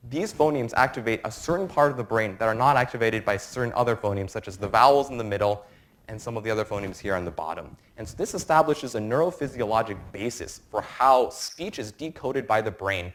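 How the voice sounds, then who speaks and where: Young man giving a science lecture. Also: medium pitch. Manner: explanatory, quick and informal. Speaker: medical student presenter. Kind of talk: academic lecture presentation. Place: lecture room with an audience.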